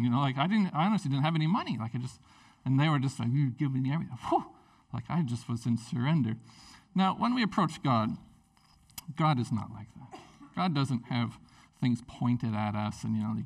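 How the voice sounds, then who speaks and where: Animated male preacher, slightly distant. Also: fairly high pitch. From Canada. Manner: conversational, animated storytelling. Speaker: pastor. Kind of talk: sermon.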